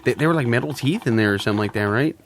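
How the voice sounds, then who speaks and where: A man's voice: mid-range voice, racing, a little hiss or hum. A man co-hosting a casual podcast chat, laid-back and crude, often trailing off with fillers. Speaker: podcast co-host.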